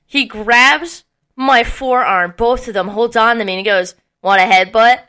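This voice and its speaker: A woman's voice: a little high, unhurried. A young woman co-hosting a podcast, telling a long party story in casual chat, swearing freely and acting out what people said. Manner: animated storyteller, swears freely, acts out quotes. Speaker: podcast co-host.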